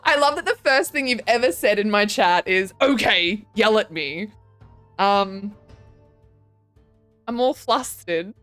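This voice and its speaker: A woman's voice: medium pitch, lively intonation, slow, pauses often, a bit bright, soft background music. A young woman streaming and chatting casually, reading her chat aloud and giggling often. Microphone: desk microphone.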